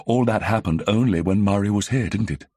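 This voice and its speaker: A man's voice: lowish voice, brisk, a little mellow, breathy edge, dry recording, clean studio sound. A man reading an audiobook, voicing a polite young vicar's daughter who speaks delicately and encouragingly. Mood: earnest. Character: tactful young vicar's daughter, genteel sleuth.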